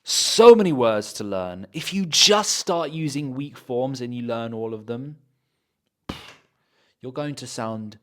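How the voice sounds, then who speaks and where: A man with a British accent teaching a pronunciation lesson, saying example words slowly and repeating them to drill the sounds. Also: mid-range voice. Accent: British English. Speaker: accent coach.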